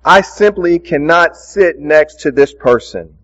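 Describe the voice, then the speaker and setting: A man's voice: on the high side, expressive, measured pace, fairly bright tone, lo-fi sound. A pastor voicing a haughty, demanding wealthy woman passenger in a story he tells during a sermon. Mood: indignant. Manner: indignant, demanding.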